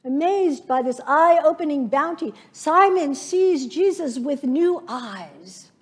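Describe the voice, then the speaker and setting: Woman, pastor, sermon, unhurried delivery, reflective storytelling. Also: high-pitched, lively intonation. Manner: slow, reflective preaching with vivid imagined scenes.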